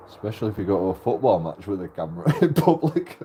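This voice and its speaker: A man's voice: deep voice, fast talker, hardly any pauses, dark tone, a little hiss or hum. A young Irish man chatting casually on a livestream, telling stories while laughing often and swearing freely. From Ireland. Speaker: streamer.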